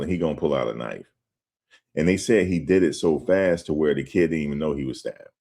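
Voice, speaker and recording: Very deep-voiced, this show host tells a story loosely and conversationally, speaking straight to his audience. He grows animated as he goes, addressing listeners as "guys" in casual storytelling and commentary.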